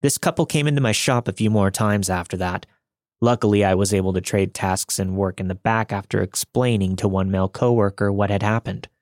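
A man with a low voice narrates true creepy encounters in a steady, measured way. The sound is dry and close, with no room around it. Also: no echo. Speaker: podcast narrator reading listener stories. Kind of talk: scripted narration.

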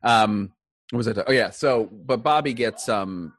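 A man hosting a podcast, chatting casually, animated and full of restarts. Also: mid-range voice, normal speed, dry recording. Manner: animated, chatty, many restarts, laughs often. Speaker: podcast host. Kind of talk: casual chat. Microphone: podcast microphone.

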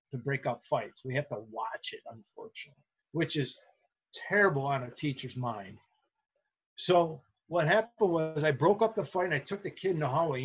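A man's voice: fairly high pitch, highs cut off. A middle-aged man, a teacher, earnestly telling stories from the classroom in a casual interview. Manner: earnest, animated storyteller. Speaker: substitute teacher and guest.

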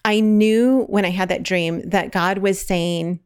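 A woman's voice: mid-range voice, a little slow, hardly any pauses, clear, resonant tone. A middle-aged woman in casual chat, telling a long story and acting out the voices in it. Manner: animated, acts out quoted voices.

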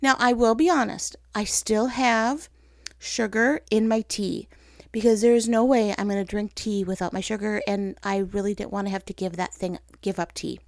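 A woman's voice: mid-range voice, normal speed, creaky, no room sound, studio quality. A woman hosting a casual faith-based chat, telling stories with animation and teasing herself as she goes. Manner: animated storytelling, acting out her own thoughts in voices; self-teasing and chatty.

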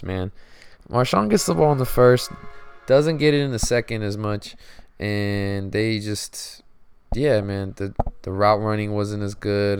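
On his podcast, a young man vents about sports, cursing nonstop and peppering his profane, frustrated rambling with "man." His voice is lowish and clean, with no echo.

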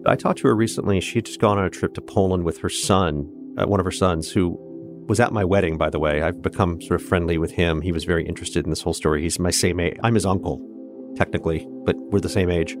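Deep-voiced man telling a personal story. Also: steady tone, quick pace, over music. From Kansas, USA. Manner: earnest, reflective, candid. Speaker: interview guest.

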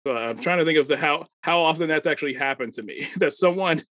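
A man's voice: on the high side, fast talker, a bit bright, no echo. A man co-hosting a casual chat as a comedy show producer, rambling, laughing often and acting out quoted exchanges.

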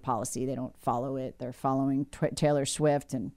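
A woman's voice: extremely low pitch, level tone, fairly quick, darkish tone, dry recording. A woman speaking as a guest commentator, alarmed and insistent, often repeating words for emphasis.

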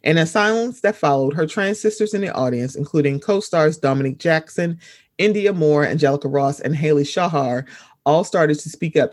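A man's voice: fairly high pitch, moderate pace, no echo, clean studio sound. A man reading an article aloud and breaking off to add his own emphatic commentary.

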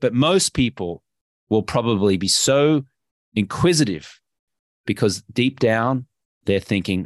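A man with an Australian accent, speaking as a guest in an energetic, emphatic and playful interview. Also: on the low side, measured pace, long pauses, no echo, clean studio sound. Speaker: podcast guest, health coach.

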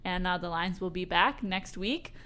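A woman hosting a sports podcast, her voice under the weather from illness, upbeat and quick to laugh as she questions her guest. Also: lowish voice, bright, forceful tone. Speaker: podcast host.

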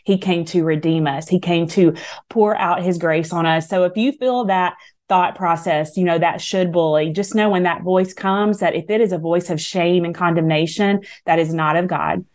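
A woman's voice: lowish voice, normal speed, a little mellow. A middle-aged woman with a Southern US accent, speaking as a guest in a faith talk interview in an earnest, encouraging, preacherly way. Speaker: guest author.

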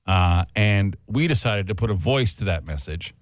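A man's voice: on the low side, lively intonation, moderate pace, no room sound, clean studio sound. A man hosting a casual radio show, chatting and laughing while he searches for words, and reading a poem aloud.

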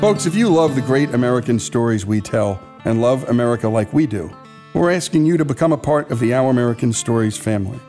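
A man's voice: mid-range voice, lively intonation, fast, mellow. A man hosting a radio story show, praising a guest's story and asking listeners for donations. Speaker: radio host. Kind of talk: radio narration and donation appeal. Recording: faint guitar music behind. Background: faint guitar music.

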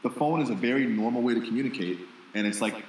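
A man's voice: mid-range voice, fast talker, a little mellow, echoey room, recorded from a distance, a little hiss or hum, low-quality recording. A man co-hosting a casual podcast, telling a long candid story with self-deprecating asides.

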